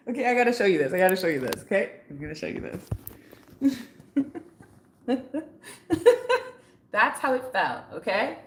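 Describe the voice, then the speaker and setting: A woman's voice: mid-range voice, very animated, moderate pace, long pauses. A woman giving a chatty, slangy live-stream tarot reading, talking straight to one viewer with lots of "like" and "okay". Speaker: tarot reader.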